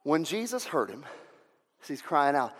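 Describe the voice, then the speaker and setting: A man's voice: a little high, very animated, a little slow, a bit bright, breathy edge. A man preaching a sermon from the pulpit of a church, fervent and driving his points home by repeating phrases. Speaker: pastor. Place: church sanctuary. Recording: long reverb of a large hall.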